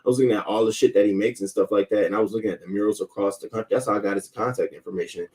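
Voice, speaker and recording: A man's voice: lowish voice, fairly even intonation, rapid-fire, a little mellow, distant mic. A man hosting a live stream, greeting chat viewers by name and ranting in a heated, profane way about a neighbor's barking dog. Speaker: host. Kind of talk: casual live-stream rant.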